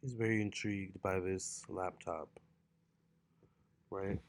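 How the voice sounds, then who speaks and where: A man's voice: lowish voice, normal speed. A man who reads tarot, talking casually at home with loose fillers, recorded on a laptop or camera mic. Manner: relaxed, loose, full of "like" and "you know". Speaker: tarot reader and vlogger. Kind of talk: casual vlog talk. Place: his home, with a cat nearby.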